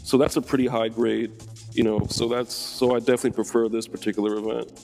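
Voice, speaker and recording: A man's voice: medium pitch, flat delivery, quick pace, creaky, darkish tone, faint music behind. A man co-hosting a casual gaming chat, explaining event rules with frequent ums. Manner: explanatory, many ums and you-knows. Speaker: co-host.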